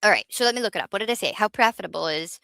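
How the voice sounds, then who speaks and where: A woman's voice: medium pitch, lively intonation, very fast, vocal fry, bright, forceful tone, dry recording. A woman hosting a casual livestream, chatting with viewers in a rambling, self-mocking way. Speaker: livestream host.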